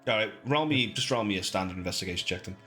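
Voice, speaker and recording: A man's voice: lowish voice, lively intonation, racing, bright, forceful tone, faint music behind. A man narrating as game master in a casual, profane way. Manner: casual, swears freely, describes scenes.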